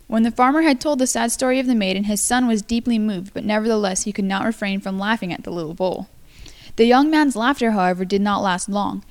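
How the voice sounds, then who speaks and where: A woman's voice: mid-range voice, a little mellow. Stumbling young woman reading aloud. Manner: halting, stumbles and apologizes. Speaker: amateur story reader. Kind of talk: casual read-aloud of a folktale.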